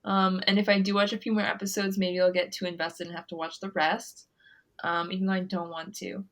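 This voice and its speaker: A woman's voice: medium pitch, flat delivery, a little fast, fairly bright tone. Young woman podcast cohost, laughs a lot, loose casual chat. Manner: giggly, chatty, frequent laughter. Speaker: podcast co-host.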